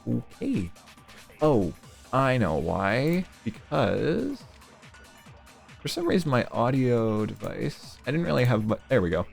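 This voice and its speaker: A young man chats casually on a live stream. He rambles, swears freely and laughs often, and his pitch swings widely. Faint music plays behind him. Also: big pitch swings, slow pace, creaky.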